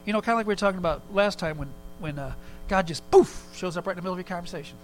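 A man preaching a sermon in a relaxed, conversational way, telling a personal story with quick asides. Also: high voice, soft background music, rough recording. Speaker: pastor.

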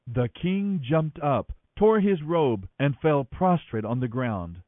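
Brief: male radio Bible narrator, animated storyteller, thin phone-like dry sound. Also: on the high side, a little slow, hardly any pauses, no echo. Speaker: Bible reader on a radio program. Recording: tinny phone-like radio line.

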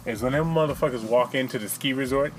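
A man's voice: medium pitch, fast talker, over music. A man co-hosting a podcast, joking around and swearing freely in casual chat. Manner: profane, joking, animated. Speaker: podcast co-host.

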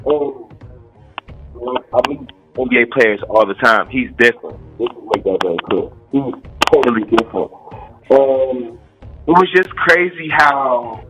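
A man from Maryland telling a personal story in a casual, animated way and acting out what people said. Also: mid-range voice, unhurried, over music, low-quality recording. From Maryland, USA. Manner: animated, quotes people as he tells it.

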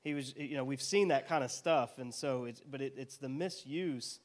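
A mid-pitched man tells a story in casual discussion. He hesitates and restarts his sentences often. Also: normal speed. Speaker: co-host of a Bible study podcast.

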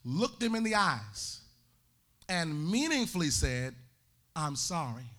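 Pastor guy preaching in church, high voice, bright, singsong and shouty peaks. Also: takes it slowly. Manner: animated preaching with sung and shouted climaxes. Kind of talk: sermon.

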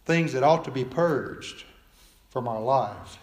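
A man preaching a sermon in earnest tones, often dropping soft and low at the ends of phrases. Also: expressive, takes it slowly, echoey room. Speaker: pastor.

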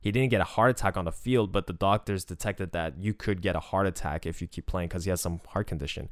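Low-voiced man, emotional rambling talk. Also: fast, no echo, studio quality. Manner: emotional, rambling, many restarts. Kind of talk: casual spoken commentary.

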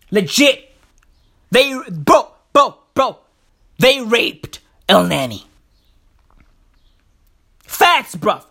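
A man delivering a profane comedic rant, loud and excitable, full of slang and repeated words. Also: extremely high pitch, slow, long pauses. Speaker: comedic ranter.

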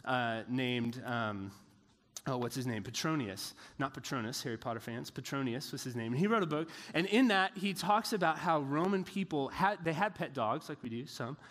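A man's voice: mid-range voice, expressive, normal speed, fairly bright tone, long reverb tail. A man preaching a casual Bible lesson, talking in a loose, joking way with lots of filler words. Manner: chatty, joking asides with many "like" fillers.

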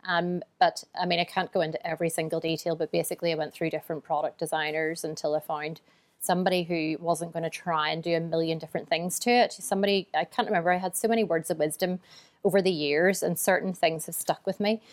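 A woman's voice: on the low side, fairly even intonation, quick pace. A woman founder telling her story in a casual interview, chatty and open, often quoting her own thoughts. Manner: chatty and open, tells stories through quoted inner thoughts; self-described emotional. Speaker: business founder and guest.

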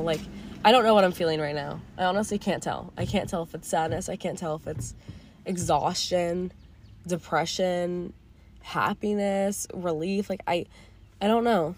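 A teenage girl hosting her own podcast, talking in a candid, rambling way with casual swearing and a voice going a little hoarse. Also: lowish voice, a little hiss or hum. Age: teens. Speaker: podcast host. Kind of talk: casual reflective monologue.

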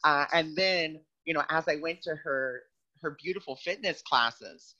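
A man who is a guest on a spiritual podcast, telling stories in an animated way and acting out voices. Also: fairly high pitch, a little slow, dull audio. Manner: animated storyteller who acts out quoted voices. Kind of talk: casual podcast conversation.

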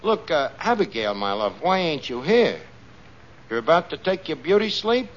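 Brash tavern manager, animated wisecracking delivery, 1940s radio comedy, hissy old broadcast. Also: male voice, a little high, dull audio. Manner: fast-talking, lively wisecracks.

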